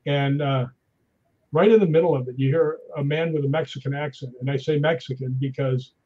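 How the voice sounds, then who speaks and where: A man's voice: a little high, a little fast, lo-fi sound. A man telling ghost-hunting stories in casual chat, acting out what people said. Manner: animated anecdotes with acted-out quotes. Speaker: guest.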